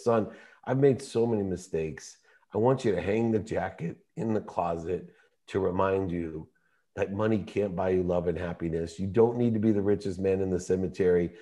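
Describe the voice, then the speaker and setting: Guy putting on his sorry old dad, soft and hushed, kinda low. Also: lightly acted. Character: remorseful older father, gentle and regretful.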